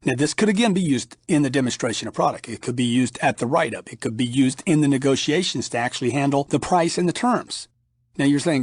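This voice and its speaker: A man's voice: mid-range voice, animated, fast, breathy edge, no room sound. A middle-aged man reading his own sales training audiobook in a punchy, emphatic way, acting out bits of sales dialogue. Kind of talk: instructional audiobook narration.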